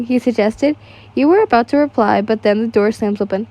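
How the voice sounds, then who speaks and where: A woman's voice: fairly high pitch, fairly quick, dark tone, muffled recording. A young woman casually reading fan fiction aloud, stumbling over words and laughing at the text.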